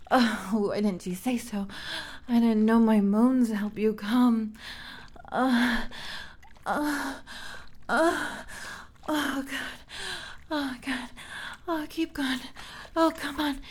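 A young woman voicing a curious, gentle alien in a borrowed human body, in a whispered role-play. She talks softly and haltingly and often repeats words. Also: high-pitched, exaggerated voice. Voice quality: breathy, soft.

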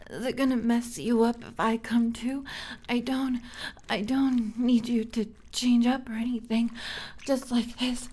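A young woman voicing a curious, gentle alien in a borrowed human body, in a whispered role-play. She talks softly and haltingly and often repeats words. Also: on the high side. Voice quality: breathy, soft.

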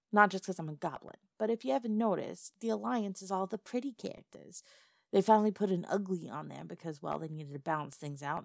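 A woman's voice: deep voice, creaky, dry recording, clean studio sound. A woman voicing a brash, blunt female goblin in a listener role-play audio. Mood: annoyed. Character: gruff tough female goblin, blunt and threatening.

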